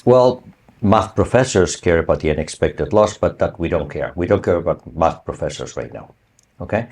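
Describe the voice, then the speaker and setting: A man with a deep, low-pitched voice gives a university lecture. He talks in a loose, conversational way and keeps asking the class whether it is clear. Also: animated, normal speed, darkish tone. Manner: conversational, asks the class for confirmation. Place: online or recorded lecture.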